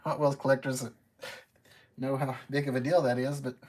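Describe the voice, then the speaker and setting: A man hosting a casual livestream while he cooks. He talks in a chatty, expressive way and laughs easily. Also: medium pitch, normal speed. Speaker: cook and livestream host. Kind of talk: casual live-stream chat while cooking.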